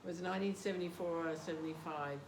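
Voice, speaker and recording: With a fairly low pitch, steady tone, and quick pace, an older Australian woman tells a story as a devotee in a casual interview. She laughs often and makes self-deprecating jokes. The recording is roomy, with background noise.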